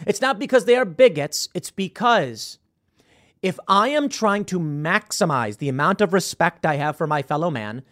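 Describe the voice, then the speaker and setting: A male podcast host arguing his point in opinion commentary. His voice swings widely in pitch and sits slightly high for a man. He talks emphatically and stumbles into repeated words when he restarts. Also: a bit bright.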